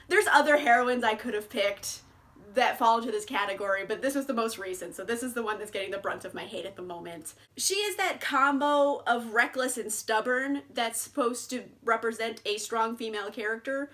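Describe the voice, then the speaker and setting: Bright-voiced, chatty young woman vlogger. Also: fairly high pitch. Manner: chatty, swears freely, laughs often. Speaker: booktuber. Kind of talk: casual book tag vlog.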